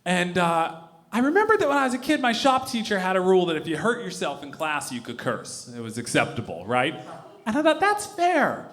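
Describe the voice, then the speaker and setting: A man's voice: high-pitched, sing-song, brisk, fairly bright tone. A man performing live stand-up comedy, telling a loose story with casual swearing.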